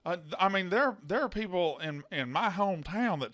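Bright-voiced Southern man. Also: high-pitched, expressive, fairly quick, few pauses, dry recording, studio quality. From Mississippi, US. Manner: blunt, opinionated, swears freely. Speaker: podcast co-host. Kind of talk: casual film-review chat.

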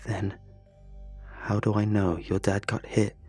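A menacing prison inmate, as the narrator puts him on, with a low, husky voice and a calm, taunting delivery. He stays quiet and insistent, never raising his voice. Faint music plays underneath. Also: slow pace.

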